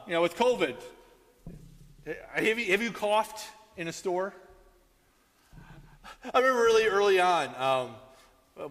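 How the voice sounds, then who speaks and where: A pastor giving a sermon, telling stories animatedly and acting out the people in them. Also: male voice, a little high, big-room sound. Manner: animated storytelling, acting out quotes in raised voice.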